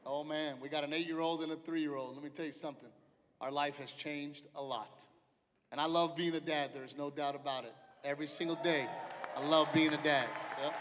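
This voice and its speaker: A middle-aged man working a live stand-up set, brash and profane, voicing the people in his stories as he goes. His voice sits high for a man. It rings through a big hall with long reverb and the clear noise of the crowd. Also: fairly bright tone. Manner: brash, profane storytelling with acted-out quotes. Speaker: stand-up comedian. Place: large theater stage with a live audience.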